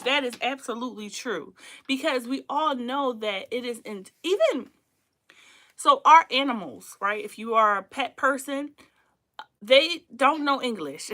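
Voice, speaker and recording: A woman talks through relationship advice in a casual, animated way, often breaking into laughter. Her voice sits a little high and sounds bright and forceful. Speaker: host of a relationship talk show. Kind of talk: casual teaching livestream.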